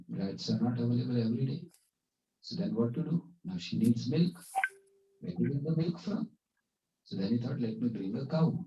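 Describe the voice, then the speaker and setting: A man's voice: fairly low pitch, warm tone, a little hiss or hum. Man with teaching scripture. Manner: conversational, fillers, story-telling. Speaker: spiritual teacher. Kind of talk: devotional class talk with storytelling. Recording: echoey hall, distant dull mic.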